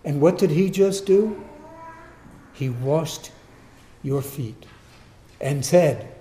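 A man preaches a sermon at a slow, deliberate pace, dropping low and quiet, then rising into loud, emphatic bursts. His voice sits a little high. The room around him is echoey, as in a church hall. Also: lively intonation, slight background noise.

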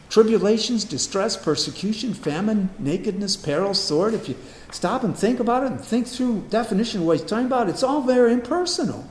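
A man preaching a sermon, swinging from hushed asides to loud, emphatic questions. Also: high voice, reverberant. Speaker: pastor.

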